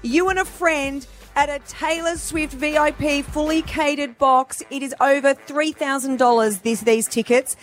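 A woman's voice: sits high, steady tone, a little slow, few pauses, soft background music. A woman hosting live breakfast radio, bubbly and gushing as she runs a giveaway. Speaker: radio host.

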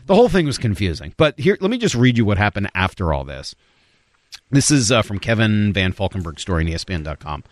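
A man hosting a sports talk show, chatting quickly and reading a news story aloud. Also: fairly low pitch, big pitch swings, no echo, clean studio sound. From Northeast United States. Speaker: show host.

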